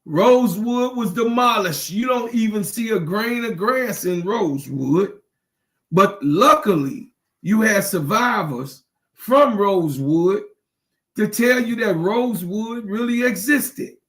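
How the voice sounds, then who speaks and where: Host, man, high voice, slow delivery, impassioned and repetitive, close to tears. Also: animated, fairly bright tone. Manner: preachy, repetitive, emphatic; emotional, near tears. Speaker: channel host. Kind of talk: impassioned livestream talk.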